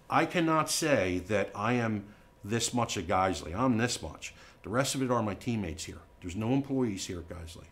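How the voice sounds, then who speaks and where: A middle-aged man with a fairly low voice presents a new product to a live audience. He talks in a folksy, emphatic way and keeps checking in with "all right?" and "okay?". He tells stories as he goes and acts out the people in them. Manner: animated storyteller acting out quoted people.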